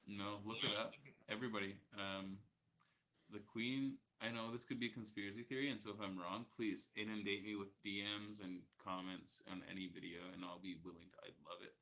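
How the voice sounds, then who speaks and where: Young Canadian male host, gravelly low voice, loose and profane. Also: steady tone, a little fast, pushed and bright. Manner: laid-back, swears, trails off often. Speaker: podcast host. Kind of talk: casual chat.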